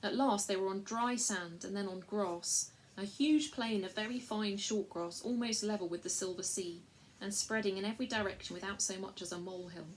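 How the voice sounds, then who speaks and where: Brief: woman reader, measured storybook narration, middle-pitched, faint hiss behind. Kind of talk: storybook read-aloud.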